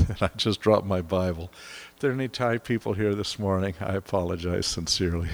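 A man's voice: deep voice, fairly even intonation, fairly quick, in a large hall. A preacher, an older man, giving a sermon in a folksy, chuckling way with many fillers. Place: church.

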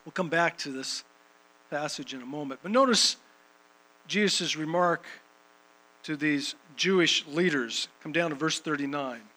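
A man's voice: a little high, measured pace, sharp tone, low-quality recording. A man preaching a sermon and reading scripture, emphatic, repeating phrases for rhythm.

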